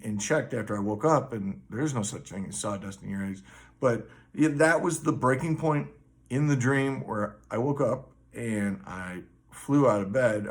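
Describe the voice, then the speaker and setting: A man vlogging, telling a story to camera in a rambling, profane way with many fillers. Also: fairly low pitch.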